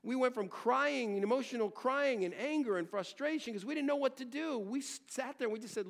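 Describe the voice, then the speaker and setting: A pastor delivering a sermon in a notably high voice with a gravelly, creaky edge. He speaks earnestly and conversationally, leaning on personal stories. His delivery stays warm-toned in an everyday preaching way, never stiff. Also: animated, fast talker, few pauses.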